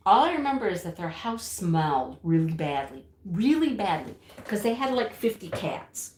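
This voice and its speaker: During a live stream, a sixties-aged woman chats nostalgically with viewers over their comments, laughing a lot and singing snippets. Her mid-range, darkish voice swings widely in pitch at a moderate pace, in reverberant sound.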